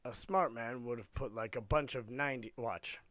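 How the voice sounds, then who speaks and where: A man's voice: mid-range voice, normal speed, fairly bright tone, no echo. A man streaming a casual coding lesson, playful and rambling, slipping into silly voices as he works.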